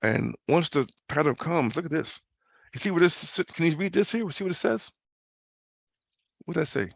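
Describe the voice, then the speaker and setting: A man's voice: a little high, animated, normal speed, vocal fry, slightly rough, no echo. A man hosting a casual trading talk over a video call, loose and slangy, repeating himself and tagging questions onto his points. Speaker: host. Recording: muffled video call audio.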